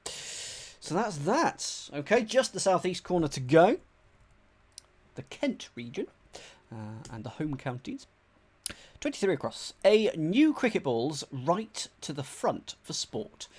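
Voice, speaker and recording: A man from England streaming live as he solves a crossword, thinking aloud in a chatty, animated way and greeting his viewers. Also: mid-range voice.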